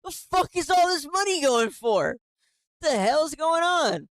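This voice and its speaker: A woman's voice: sits high, sing-song, measured pace, dry recording, rough recording. A woman giving casual reaction commentary on a clip, exasperated and swearing often. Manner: exasperated, swears a lot, says "bro".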